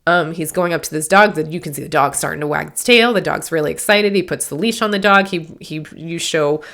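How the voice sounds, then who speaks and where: A woman's voice: low voice, fairly quick, fairly bright tone. A middle-aged woman hosting a spiritual podcast as a medium, talking in a rambling, earnest way with self-corrections, teary and sniffly. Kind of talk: casual spiritual podcast talk.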